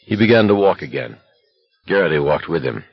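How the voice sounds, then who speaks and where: A man reading a novel aloud as an audiobook narrator, in a steady, even manner. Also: sits low, fairly quick, gravelly, husky, dry recording, lo-fi sound.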